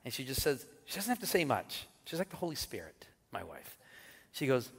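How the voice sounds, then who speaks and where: A middle-aged male pastor preaching a sermon, telling funny family stories with lively, laughing delivery. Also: mid-range voice, brisk, breathy edge. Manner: animated storytelling with jokes and laughter. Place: church sanctuary. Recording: church hall with long reverb.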